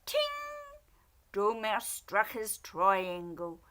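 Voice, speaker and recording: A woman reads a children's picture book aloud, taking her time and making the words expressive and animated. Her voice is bright and clear, and it swings up and down in pitch. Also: slow pace. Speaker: storyteller.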